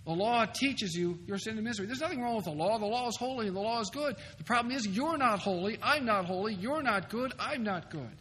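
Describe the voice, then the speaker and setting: A man giving a theology lecture at a conference, emphatic and animated, with wry asides. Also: high voice, fairly quick, hardly any pauses. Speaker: seminary professor lecturing. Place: conference hall. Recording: hall reverb with faint noise, 2004 recording.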